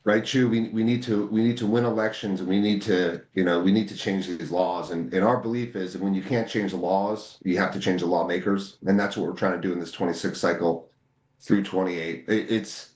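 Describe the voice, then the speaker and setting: This American man has a deep, steady, slightly mellow voice and talks a little fast. Appearing as a guest in a political interview to advocate for voting rights, he grows impassioned and repeats words when heated, all in an echoey room.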